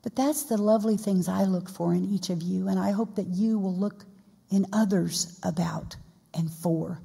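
A woman's voice: medium pitch, steady tone, moderate pace, creaky, mellow, slightly rough. A woman pastor preaching a sermon in a folksy, conversational way with playful asides. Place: church sanctuary. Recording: long reverb in a church hall.

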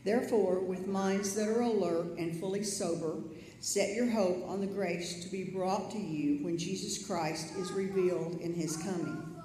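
A reader giving a measured, formal scripture reading aloud in a church. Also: mid-range voice, mellow. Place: church sanctuary. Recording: roomy church echo, faint background noise.

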